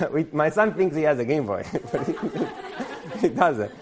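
A man's voice: on the high side, big pitch swings, measured pace, a crowd in the background. Rambling man telling a comic story. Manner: rambling, many "like" fillers, laughs at himself.

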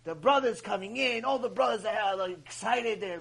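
A man, a rabbi, giving a Torah ethics lecture as an animated story, using Hebrew terms along the way. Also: high-pitched, normal speed, creaky, few pauses, a little hiss or hum.

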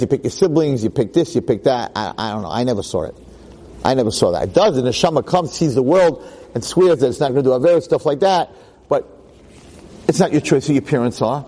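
Middle-aged rabbi, lively storyteller to a girls' class. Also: medium pitch, rough recording. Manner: animated, acts out voices in stories. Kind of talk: storytelling Torah talk.

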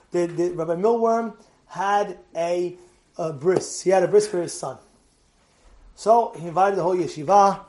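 Animated high-voiced man preaching. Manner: swings from loud urging to hushed storytelling. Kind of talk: animated sermon storytelling.

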